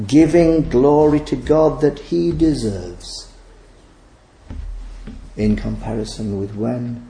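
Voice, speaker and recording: Impassioned preacher in a roomy hall. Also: male voice, medium pitch, expressive, slow, creaky, pauses often, warm tone. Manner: impassioned, emphatic, pleading appeals. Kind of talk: sermon.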